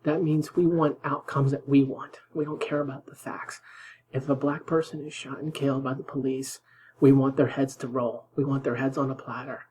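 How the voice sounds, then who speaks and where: A man's voice: medium pitch, flat delivery, normal speed, a little mellow, a little hiss or hum, rough recording. A man hosting political commentary, reacting indignantly to news clips, sometimes dropping to a whisper for emphasis.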